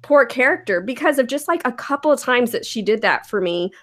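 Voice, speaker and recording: A woman's voice: a little high, animated, brisk, fairly bright tone. A woman guest in an interview, telling stories in an earnest, chatty way. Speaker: guest, ministry founder. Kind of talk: casual interview chat.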